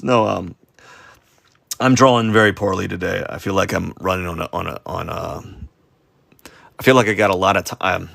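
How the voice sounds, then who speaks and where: Rambling self-deprecating man, gravelly voice. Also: deep voice, normal speed, pauses often, fairly bright tone, dry recording. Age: adult. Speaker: streaming artist. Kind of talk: casual livestream chat while drawing.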